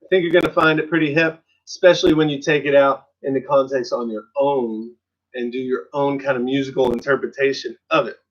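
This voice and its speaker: Relaxed man teaching a drum lesson. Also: medium pitch, a little fast, dull audio. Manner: counts beats aloud, encouraging and relaxed. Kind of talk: online drum lesson with counting along. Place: percussion studio.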